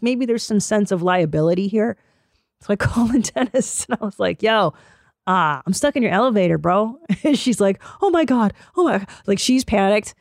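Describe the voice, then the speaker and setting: A woman's voice: mid-range voice, vocal fry, no echo, studio quality. A woman podcast host telling a story in casual, profane, comedic chat and acting out both sides of the conversations.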